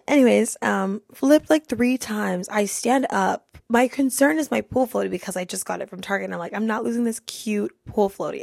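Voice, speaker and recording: Giggly young woman with gravelly fry. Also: medium pitch, expressive, quick pace, hardly any pauses, a little mellow, no echo, clean studio sound. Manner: laughing through a funny story. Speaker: podcast host. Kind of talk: casual storytelling.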